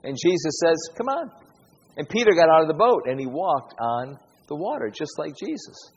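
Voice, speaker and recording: A man preaches with a husky, slightly breathy voice of middling pitch. He repeats key lines and poses rhetorical questions with earnest conviction. The recording is dull and lo-fi, with a long echo from a large church hall. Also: big pitch swings, brisk. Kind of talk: sermon.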